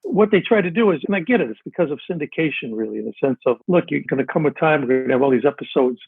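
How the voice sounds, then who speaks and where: A man's voice: fairly high pitch, racing, creaky, breathy edge, no echo. Older man on a tinny call line. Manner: relaxed, self-deprecating storyteller. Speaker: guest. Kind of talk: casual interview chat. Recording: dry tinny phone-like line.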